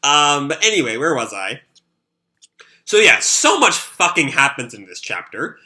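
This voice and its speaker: A man's voice: fairly high pitch, very animated, unhurried, bright, forceful tone. A man with a sore throat recapping a manga chapter live, rambling and full of fillers. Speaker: manga reaction host.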